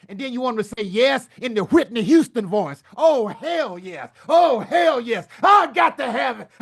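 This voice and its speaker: A man giving a hyped motivational talk as a book coach, preaching in call-and-response with folksy turns of phrase. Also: high voice. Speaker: book coach and summit speaker.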